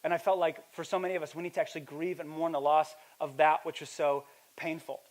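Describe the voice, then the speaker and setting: A young man preaching a sermon, telling a story in a casual, animated way and building to loud, emphatic preaching. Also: on the high side, fast. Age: young adult. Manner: casual, with fillers and slang. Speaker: pastor.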